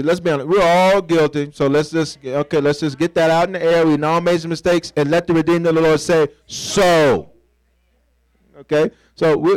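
Heard through a dry, low-quality recording, a man with a somewhat high voice preaches a sermon. He's conversational and playful, asking the congregation to finish his lines and acting out small scenes in call-and-response fashion.

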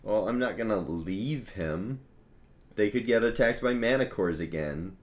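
A soft-spoken woman player in a tabletop game. Her voice is very low yet swings widely in pitch. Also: expressive, a little slow. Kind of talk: casual tabletop role-play.

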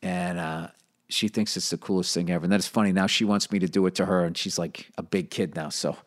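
A man's voice: sits low, steady tone, a little fast. A man hosting a solo podcast, rambling in a profane, jokey way about his life. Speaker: podcast host.

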